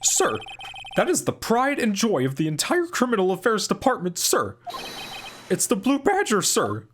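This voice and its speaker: A man's voice: high voice, wildly swooping pitch, moderate pace, a little hiss or hum, pitched above the performer's own voice, heavily acted. A man voicing a jittery, eager young male police officer who tacks "sir" onto everything. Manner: ends every sentence with sir, loud and eager. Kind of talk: reading game dialogue aloud. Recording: game music playing behind.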